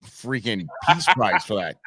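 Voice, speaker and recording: A man's voice: fairly low pitch, sing-song, a little slow, sharp tone, breathy edge, no echo, clean studio sound. A man in his forties co-hosting a casual talk show, joking and rambling with lots of restarts. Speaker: podcast co-host. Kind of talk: casual banter.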